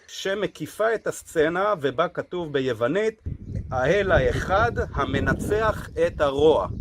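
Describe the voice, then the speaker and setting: A man explaining an artifact on camera, talking rapidly with hesitant fillers. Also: fairly high pitch. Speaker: guide presenting an artifact.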